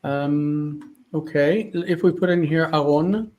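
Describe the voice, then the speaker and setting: A man's voice: fairly high pitch, slow, darkish tone, muffled recording. A man teaching an online class, thinking aloud as he checks references partway through sentences. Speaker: Hebrew teacher. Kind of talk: live online class, working through texts. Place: home studio with one light.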